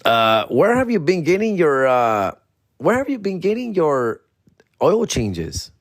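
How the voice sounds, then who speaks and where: A man's voice: on the high side, huge pitch swings, measured pace, no echo, clean studio sound, pitched above the performer's own voice, full character voice. A man doing a blunt slangy insurance broker lady. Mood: explaining. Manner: blunt, street slang, scolding. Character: no-nonsense married woman insurance broker.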